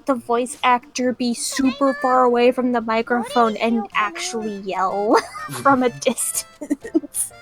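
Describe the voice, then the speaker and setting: High-voiced woman chatting slowly and giggling. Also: soft background music. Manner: chatty, giggling, animated storytelling. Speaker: co-host. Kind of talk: casual chat about video game glitches.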